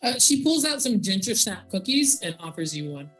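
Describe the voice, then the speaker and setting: A woman narrating as the game master of a tabletop game, relaxed, with fillers. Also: mid-range voice, normal speed, soft background music, poor audio.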